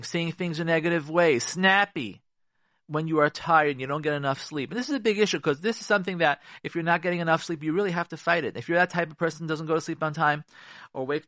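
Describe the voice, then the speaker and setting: Bright-voiced woman radio advice host. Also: sits low, no echo, studio quality. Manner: emphatic, repetitive, lecturing directly to listeners. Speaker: radio show host giving marriage advice.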